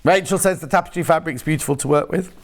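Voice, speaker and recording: A man's voice: on the high side, fast. A man presenting live on a shopping channel, chatting and joking in rambling asides while selling fabric in a TV studio.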